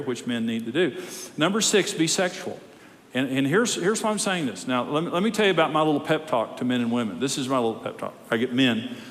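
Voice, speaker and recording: A man, a marriage counselor, teaching a live seminar in an emphatic, wry way that builds to loud exhortation. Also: on the high side. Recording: long reverb of a large hall.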